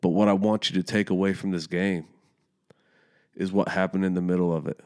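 A man with a very deep, low voice tells a story in a relaxed, casual way. He swears freely and gets more heated as he goes, as a young youth soccer coach speaking to his listeners. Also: a little fast.

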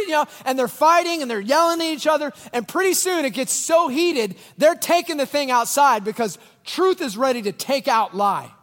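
High-voiced animated male preacher. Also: normal speed, few pauses, long reverb tail. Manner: animated storytelling, drops to quiet intensity. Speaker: pastor. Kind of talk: sermon.

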